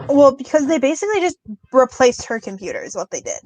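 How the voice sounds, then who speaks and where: A woman's voice: high voice, wildly swooping pitch, fast, a little mellow, dry recording, faint music behind. A woman chatting in a friendly, talkative way as a guest joining a livestream over a video call. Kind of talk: casual chat.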